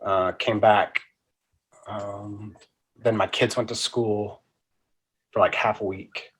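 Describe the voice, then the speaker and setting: A man co-hosting a podcast in casual chat, talking plainly and hesitantly with many pauses. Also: on the low side, level tone, husky, poor audio. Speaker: podcast co-host.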